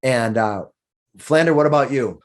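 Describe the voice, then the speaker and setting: Male game master, mid pitch, descriptive, stops and restarts a lot. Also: moderate pace. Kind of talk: narrating a tabletop game.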